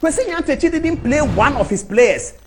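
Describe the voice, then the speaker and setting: Fiery high-voiced Ghanaian man. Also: very animated, moderate pace, darkish tone, a little hiss or hum. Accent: Ghanaian English. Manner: fiery, rhetorical, repeats phrases for emphasis. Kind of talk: impassioned public speech.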